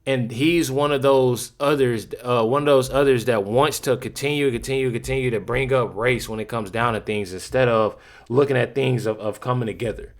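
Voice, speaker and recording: A man's voice: mid-range voice, moderate pace. A man giving casual commentary on a clip, rambling with many restarts and repeated phrases. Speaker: reaction streamer.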